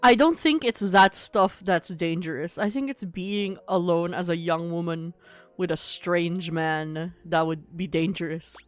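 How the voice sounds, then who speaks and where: A woman's voice: lowish voice, unhurried, soft background music. A woman streaming a video game who reads dialogue aloud and reacts with blunt outrage and swearing on a close desk mic. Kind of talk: game let's play commentary.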